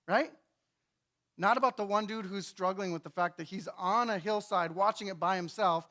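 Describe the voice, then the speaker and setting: A man preaching a sermon in a casual, chatty way, acting out biblical characters in lively asides and often asking "right?". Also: sits high, moderate pace. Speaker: pastor. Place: church sanctuary.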